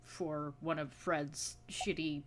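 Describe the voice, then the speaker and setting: Relaxed woman player, lower pitch, casual and profane. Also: takes it slowly, a little hiss or hum. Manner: laid-back, swears casually. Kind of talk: casual tabletop play.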